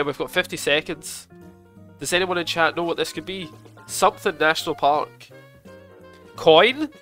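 A young man streaming a game show video game, chatting with his viewers, excitable and swearing a lot. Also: on the high side. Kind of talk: casual live gaming commentary. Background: game music.

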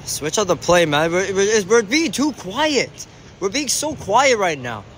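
A man giving excited sideline commentary on an amateur indoor soccer game, shouting and groaning at the plays and calling out to the referee. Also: sits high, unhurried, background noise.

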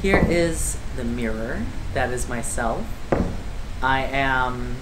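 A woman's voice: rumbling low, lively intonation, takes it slowly, background noise. A woman hosting a horror game let's play, jumpy and crude, often screaming. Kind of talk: casual gaming commentary. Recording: echoey room with game music.

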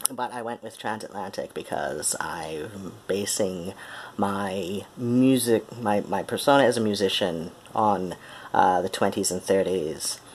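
A man's voice: deep voice, slight background noise. A young man from Ohio who speaks with a transatlantic accent, introducing himself as a musician in a hesitant, tired vlog with lots of ums. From Ohio, USA. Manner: hesitant, full of ums and pauses.

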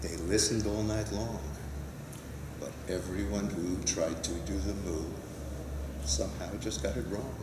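A man in his sixties reading his rhyming picture book aloud with a lively, rhythmic delivery at a conference. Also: on the low side, a little slow, very noisy. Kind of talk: animated storybook read-aloud in rhyme. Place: conference hall. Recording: roomy hall, mic at a distance.

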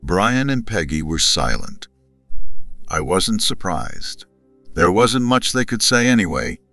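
A man with a very deep voice narrates a first-person story, cold and sarcastic in tone. The recording is dry and close, with faint music playing underneath. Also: sing-song, slow pace, a bit bright, no room sound.

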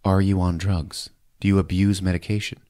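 A man's voice: low voice, little pitch movement, normal speed, dark tone, natural voice. A man voicing a foul-mouthed, blunt rich widow who talks in a crude, matter-of-fact way.

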